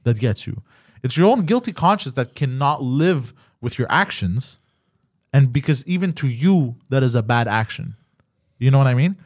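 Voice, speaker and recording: A podcast host with a mid-range voice tells stories during casual chat at normal speed, animated and profane, acting out both sides of each conversation. The recording is dry, with clean studio sound.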